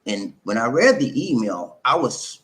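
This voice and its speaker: Preachy man with a lively voice. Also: medium pitch, unhurried. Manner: preachy, repetitive, addresses viewers as friends. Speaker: host of a relationship channel. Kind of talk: live-streamed advice talk.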